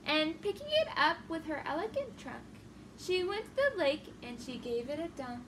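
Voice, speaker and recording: A young woman reading a rhyming children's picture book aloud, expressive and singsong. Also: high-pitched, normal speed, far from the mic, noisy background. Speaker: children's story reader.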